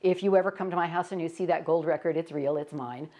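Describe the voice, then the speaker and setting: A woman's voice: low voice, fast talker, warm tone. An older woman, a stage performer, telling stories in a casual interview and laughing often as she talks.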